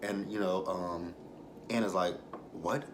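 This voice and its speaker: A man's voice: lowish voice, normal speed, background noise. Slangy man recapping a TV episode. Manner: loose, profane, laughing, with slang and many fillers. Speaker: TV episode reviewer, channel host.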